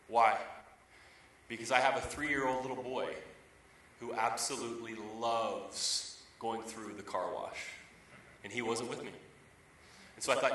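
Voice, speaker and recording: Speaking unhurriedly with long pauses, a thirties-aged pastor shares everyday stories in his sermon and hammers key phrases through repetition. His voice is bright, forward, medium-pitched and steady in tone. He's picked up by a far-off mic in the reverberant church sanctuary, with a little hiss or hum.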